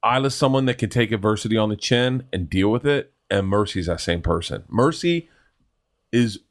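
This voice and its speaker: Guest: a middle-aged man with a lowish voice, an animated and rambling storyteller. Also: fairly quick. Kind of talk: casual storytelling chat.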